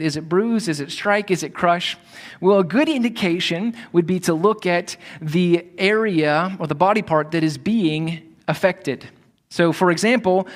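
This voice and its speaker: A man preaching a sermon as pastor, in a conversational way with direct asides to his listeners. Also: on the high side.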